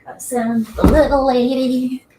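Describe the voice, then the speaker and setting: High-voiced woman, roomy and off-mic. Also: flat delivery, measured pace, recorded from a distance, heavy background noise. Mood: cooing. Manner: coos at her pet chinchilla. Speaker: podcast co-host. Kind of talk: casual chat.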